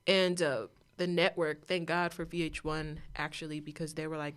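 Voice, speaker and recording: A woman's voice: low voice, flat delivery, moderate pace, clear, resonant tone. A young woman as an interview guest, telling her story candidly and animatedly, acting out other people's voices as she goes.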